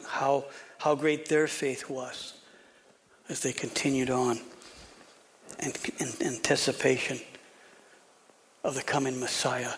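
A pastor preaching an animated sermon, often repeating words and dropping to a whisper for emphasis. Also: male voice, medium pitch, a little hiss or hum. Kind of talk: expository sermon.

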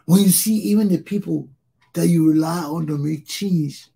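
A man's voice: fairly high pitch, normal speed, creaky, dark tone, husky. A Liberian man hosting his own talk show, speaking in an impassioned solo monologue and repeating phrases for emphasis.

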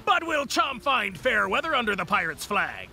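A woman's voice: medium pitch, very animated, normal speed, gravelly, sharp tone, faint music behind. A woman giving scripted cartoon narration with playful cliffhanger questions.

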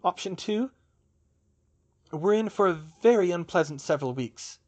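A man voicing a brisk, brainy young witch. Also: high-pitched, lively intonation, pitched above the performer's own voice. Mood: analytical. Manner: brisk, reasoning aloud. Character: young woman, quick-minded witch, analytical.

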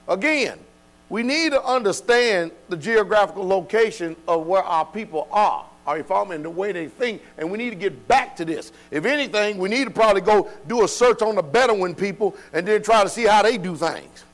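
High-voiced preacher man with a hum. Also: expressive, a little fast. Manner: preaching cadence, rhetorical questions, emphatic; informal speech with dropped verbs. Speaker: preacher leading a Bible study. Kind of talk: Bible study teaching.

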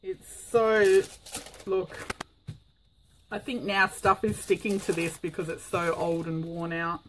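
A woman's voice: on the low side, level tone, slow, slight background noise, poor audio. A woman vlogging a casual crafting tutorial, chatty and rambling with frequent ums.

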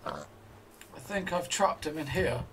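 A man's voice: on the high side, huge pitch swings, unhurried, gravelly, heavy background noise. A man giving casual commentary as he plays a game, thinking aloud to himself. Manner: chatty, thinks aloud while playing. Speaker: let's play host.

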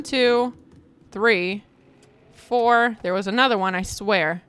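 Excitable woman narrating her gameplay. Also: mid-range voice, measured pace, faint music behind. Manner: excitable, dramatic, chatty with viewers. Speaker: gaming video creator. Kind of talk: casual gameplay commentary.

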